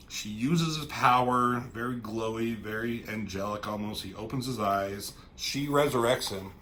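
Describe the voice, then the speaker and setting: Bright-voiced man rambling about comics. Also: medium pitch, slight background noise. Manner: rambling, excited, swears casually. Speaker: comic book reviewer. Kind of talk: casual chat.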